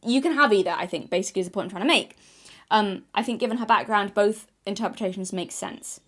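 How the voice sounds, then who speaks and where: A Yorkshire woman with a mild English accent, not a strong Yorkshire one, delivers an opinionated video essay at a quick pace in a medium-pitched voice. She's blunt, tosses in casual asides and sometimes swears.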